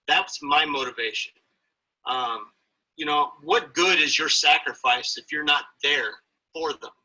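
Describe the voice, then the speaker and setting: A man with a husky, bright and forceful voice speaks earnestly in an interview. He sounds motivational, pressing his points about fatherhood and health. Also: on the high side, measured pace, rough recording. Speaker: guest, father. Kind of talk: interview conversation.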